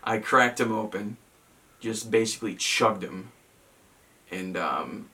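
A man's voice: lowish voice, takes it slowly, pushed and bright, distant mic. A young man from Massachusetts telling a story in casual chat, rambling and self-mocking, with many ums and restarts.

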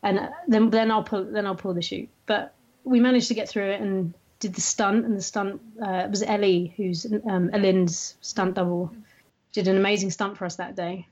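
A woman's voice: medium pitch, moderate pace, dull audio. A woman telling a story from a film shoot, acting out the back-and-forth of a conversation. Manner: recounts dialogue in an animated way. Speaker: interviewee.

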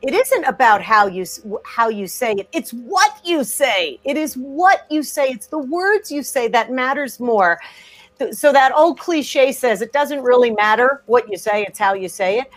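A woman talking in a podcast interview, emphatic and energetic, often restarting her sentences. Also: fairly high pitch, normal speed. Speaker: guest.

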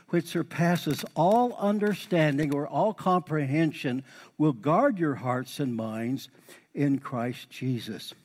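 A man's voice: on the high side, a little slow, husky. Folksy preacher man in a reverberant hall. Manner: folksy, repeats lines for emphasis, bursts into animated exhortation. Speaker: pastor. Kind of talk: sermon. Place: church sanctuary.

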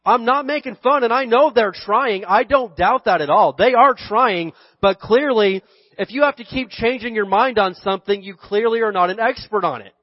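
A man with a high voice preaches in a folksy, joking way and acts out little voices for the people in his stories. The sound is dry and a bit dull. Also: moderate pace, no room sound. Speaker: pastor. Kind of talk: casual conversational sermon.

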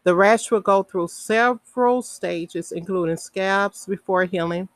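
A woman hosting a podcast, reading health information aloud slowly, with casual asides, fillers and the odd self-correction. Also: medium pitch, rough recording. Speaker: podcast host.

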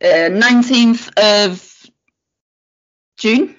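Animated woman telling a story. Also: a little high, extremely slow. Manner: animated, acts out quotes, laughs often. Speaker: podcast guest. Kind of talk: casual storytelling chat. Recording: lo-fi podcast audio.

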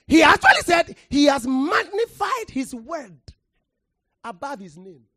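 Passionate preacher mid-sermon: high, swooping pitch, slow measured pace, calls for the crowd to answer back. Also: very animated, dry recording, studio quality. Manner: impassioned, shouting for emphasis with sudden drops to quiet; calls for audience response.

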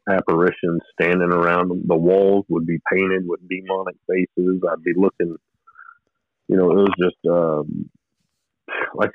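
Deep-voiced man on a tinny line. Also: no room sound. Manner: rambling, halting, earnest storytelling. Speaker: guest telling his story. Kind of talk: personal testimony in conversation. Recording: narrow phone-like line, dry.

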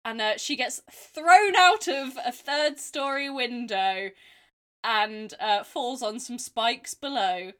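A woman's voice: a little high, slow pace, fairly bright tone, clear, resonant tone. Playful woman co-hosting a film chat. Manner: playful, theatrical storytelling. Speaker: podcast co-host. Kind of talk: casual film review chat.

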